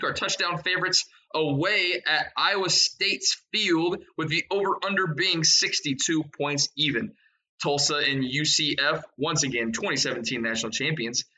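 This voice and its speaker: A young man hosting a sports betting podcast, rattling off picks and odds in a fast, excited way. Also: a little high, poor audio. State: out of breath. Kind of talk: energetic podcast chat.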